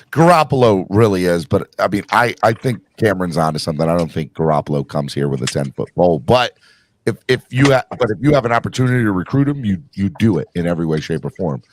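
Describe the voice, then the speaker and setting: A man's voice: low voice, sing-song, fairly quick. A man hosting a casual sports podcast, talking emphatically and often restarting his sentences. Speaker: podcast host.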